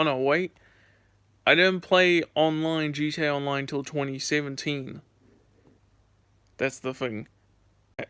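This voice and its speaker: A man's voice: fairly high pitch, a bit bright, clean tone, dry recording. A young man streaming from home, telling gaming stories in a rambling, filler-heavy casual chat.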